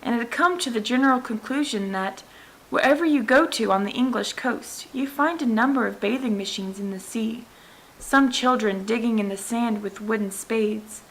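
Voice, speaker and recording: A woman narrating a classic children's book aloud in an even, clear storytelling voice. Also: fairly high pitch, normal speed, low-quality recording. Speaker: audiobook reader.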